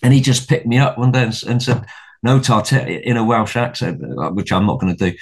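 A man's voice: medium pitch, fast, darkish tone. A middle-aged man, a podcast guest, telling a story in casual conversation, rambling with many restarts and repeated words and swearing freely.

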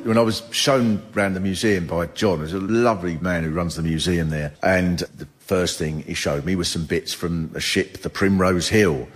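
A man doing stand-up comedy, telling stories with animated, mock-outraged outbursts. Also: deep voice, moderate pace, few pauses, husky, in a large hall. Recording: noisy live recording with audience laughter.

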